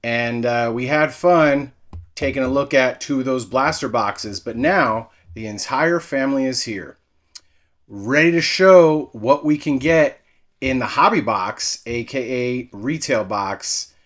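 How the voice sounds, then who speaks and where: A man's voice: mid-range voice, unhurried. A man hosting a casual card-unboxing vlog, rambling and correcting himself as he goes. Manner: relaxed, rambling, with fillers and self-corrections. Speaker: card-breaking channel host.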